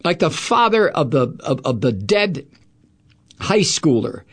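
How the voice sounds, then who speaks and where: A middle-aged male talk radio host delivers an angry, profane political rant laced with sarcasm. His voice swings widely between low grumbles and sharp peaks. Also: sing-song, measured pace.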